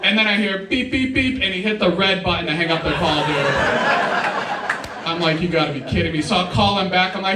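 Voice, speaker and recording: A man's voice: sits high, brisk, heavy background noise. A young man performing a casual stand-up comedy set at a live show, often saying "dude". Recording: roomy live sound, mic at a distance.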